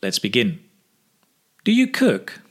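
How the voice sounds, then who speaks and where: A man leads an English speaking lesson in an unhurried, measured way. His pitch rises and falls widely as he models each phrase with clear intonation for the listener to repeat. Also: huge pitch swings. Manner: slow, exaggerated model phrases for repetition. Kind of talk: scripted pronunciation lesson.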